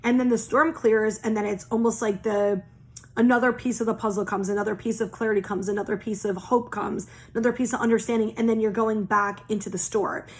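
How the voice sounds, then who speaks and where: A young woman working as a tarot and oracle reader gives a casual spiritual reading in a mid-range, steady voice at a fairly quick pace. She's earnest and reassuring, repeats phrases in long lists, and swears casually.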